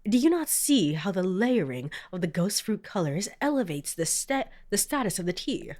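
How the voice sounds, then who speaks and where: A woman's voice: mid-range voice, very animated, normal speed, a little mellow, natural voice. A woman who is sick voices a pompous, refined tea connoisseur who speaks in grand, condescending flourishes. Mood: grandly pleased.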